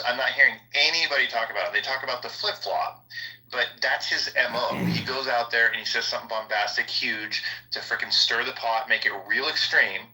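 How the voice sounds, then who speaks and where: A man's voice: mid-range voice, sharp tone, low-quality recording. A man calling into a political panel, making his case in an emphatic, conversational way. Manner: emphatic, conversational, argues with numbers. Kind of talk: casual political commentary.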